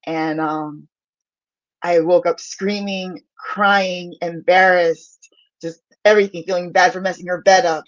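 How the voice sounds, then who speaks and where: A low-voiced podcast co-host earnestly delivers heartfelt personal closing remarks, laughing through tears as she tells her story. The audio has no echo, but the highs are cut off.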